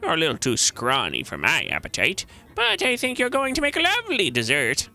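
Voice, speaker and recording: A cackling old witch with a shrill, high-pitched voice that swoops widely, as a man puts her on. She sounds mocking and gleefully hungry, playing up a theatrical storybook villain in a video game. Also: huge pitch swings, brisk, pushed and bright, exaggerated voice.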